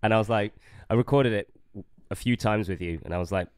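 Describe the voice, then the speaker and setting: Smooth low-voiced Englishman, dry sound. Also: a little fast, dry recording. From England. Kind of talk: casual anecdote.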